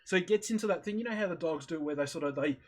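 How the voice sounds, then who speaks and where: Husky, higher-voiced man retelling a story. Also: very fast. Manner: animated storyteller acting out his own reactions. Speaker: streamer in voice chat. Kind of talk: casual chat, retelling a video. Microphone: headset or desk mic on voice chat.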